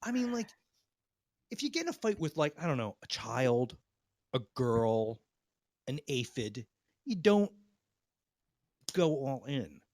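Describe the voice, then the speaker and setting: A man at middle pitch spins a profane, self-mocking story in casual chat. The sound is dry and close, with no room around it. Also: very animated, slow, long pauses, darkish tone, no room sound. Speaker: podcast co-host.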